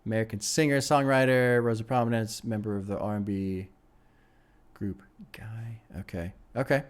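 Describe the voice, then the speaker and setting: Excitable man reacting to music. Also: on the low side, normal speed, clean tone. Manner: enthusiastic, swears freely, laughs often. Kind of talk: casual album reaction commentary.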